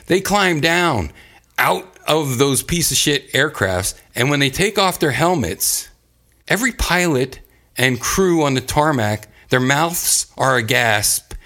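A man's voice: fairly high pitch, sharp tone. A man hosting a casual chat, rambling and profane, often laughing as he recaps a story.

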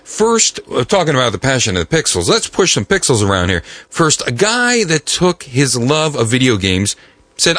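A man hosts a casual podcast with animated enthusiasm. His voice is bright and forward, with lively pitch swings, recorded dry and close in a studio. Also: moderate pace, no echo. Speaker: podcast host.

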